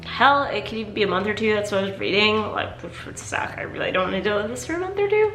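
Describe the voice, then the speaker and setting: A woman's voice: mid-range voice, animated, quick pace, fairly bright tone, soft background music. A tired woman vlogging candidly and casually, rambling with lots of fillers. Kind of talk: casual personal vlog talk. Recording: echoey room.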